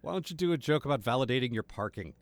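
A man's voice: mid-range voice, animated, very fast. A man co-hosting a podcast, reviewing a cartoon in casual chat with exasperated, cynical rants. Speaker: podcast co-host.

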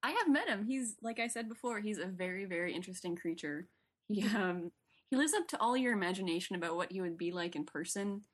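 A woman's voice: mid-range voice, expressive, fast talker. A woman guest on a podcast, telling stories in an easygoing way with fillers. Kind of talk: casual chat.

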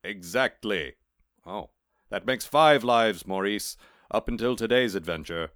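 A man reading aloud and voicing Death, a calm, measured skeletal reaper. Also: on the low side, dry recording. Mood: solemn. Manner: measured, solemn, dry.

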